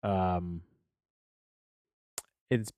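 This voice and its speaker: A man's voice: deep voice, steady tone, drawn-out words, a little mellow. A man hosting a casual solo film-review podcast from his home office studio, rambling through tangents and restarts.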